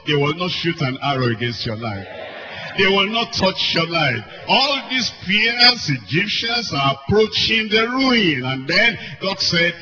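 A man preaching a sermon, emphatic, repeating key phrases and swinging between loud and soft. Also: sits high, big pitch swings, a little slow. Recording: dull lo-fi recording with faint music. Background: faint music.

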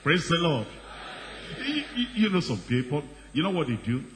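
A man preaching a sermon with emphasis, repeating phrases and rising in pitch and volume as he presses his points. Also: very animated, moderate pace, fairly bright tone. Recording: reverberant hall with faint background noise.

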